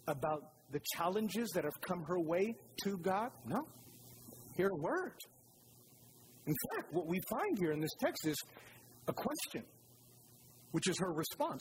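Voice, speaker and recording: A pastor preaching a sermon with animated delivery, asking the congregation rhetorical questions. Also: male voice, high-pitched. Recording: noisy recording.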